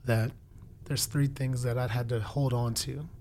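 A guest in his twenties shares his faith testimony in conversation, earnest and preacherly, repeating phrases for emphasis. His mid-range voice is a little mellow, with fairly even intonation and a measured pace, over slight background noise.

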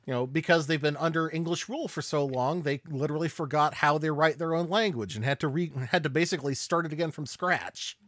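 A man's voice: a little high, quick pace, few pauses, fairly bright tone, dry recording. A man co-hosting a podcast in casual chat, making dry, wry quips and laughing often. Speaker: podcast co-host.

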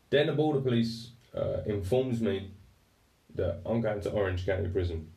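Recorded far from the microphone in an echoey room, an English-accented man with a warm, lowish voice tells a personal story. He speaks openly and emotionally, swearing freely.

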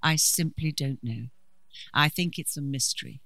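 A middle-aged woman giving a preaching talk at a conference, a lively storyteller with dry humour. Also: deep voice, normal speed, creaky, dry recording, rough recording. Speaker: conference speaker.

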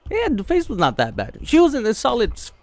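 A man telling a crude story in casual chat, rambling and profane, loudly acting out what people said. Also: very high voice, wildly swooping pitch, fast talker. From Zacatecas, Mexico family roots. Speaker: podcast co-host.

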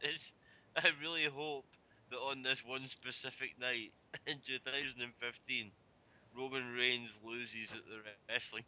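A man's voice: medium pitch, steady tone, a little slow, sharp tone, rough recording. A man, joking and laughing in casual podcast banter with friends. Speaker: podcast co-host. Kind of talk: casual group chat watching a film.

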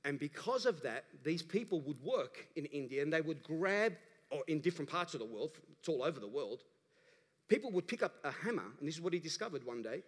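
A man, a pastor delivering an animated sermon that rises to emphatic calls to the congregation. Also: a little high, brisk. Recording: preached in a large reverberant church hall.

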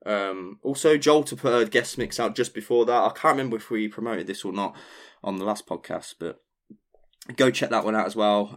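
Laid-back swearing English DJ host. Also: male voice, deep voice, fairly bright tone. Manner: loose, swearing, rambling with fillers. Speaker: DJ and podcast host. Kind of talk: casual chat.

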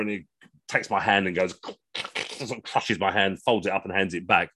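A man with a deep, sharp-toned voice speaks briskly, with a little hiss or hum in the background. He's a costumed entertainer and storyteller, chatting and rambling through comic stories over a video call.

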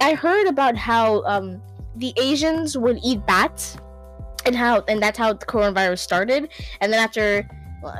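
A young woman hosting a casual solo podcast, rambling, stumbling over hard words and laughing at herself, on a home microphone. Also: mid-range voice. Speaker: podcast host.

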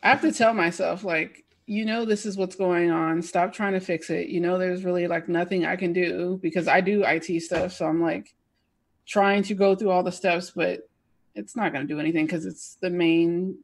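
A young woman chats casually as a podcast co-host, her voice low and gravelly. She talks in animated quick bursts and laughs often. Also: a little hiss or hum. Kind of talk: casual chat.

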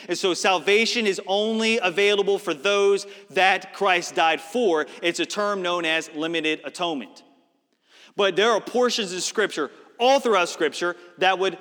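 High, bright-voiced male preacher in a hall. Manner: explanatory, emphatic Bible teaching. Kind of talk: sermon. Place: large auditorium. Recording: reverberant hall.

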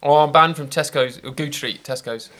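A man in his thirties, a podcast guest telling a lively, swear-laden anecdote with laughs. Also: on the high side, normal speed. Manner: animated, laughing anecdote teller, swears freely. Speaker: guest, brand founder. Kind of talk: casual podcast storytelling.

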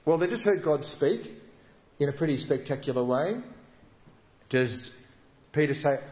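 A man preaching a sermon as a pastor, telling the story vividly and dropping to soft, hushed tones. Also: a little high, expressive, measured pace, long pauses, echoey room.

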